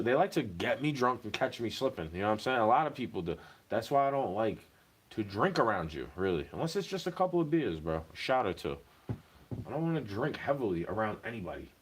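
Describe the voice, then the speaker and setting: A man's voice: lowish voice, sing-song, fairly quick, breathy edge. Profane, agitated man ranting. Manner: agitated, profane, rambling, voice rising in bursts. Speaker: vlogger. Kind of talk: ranting monologue.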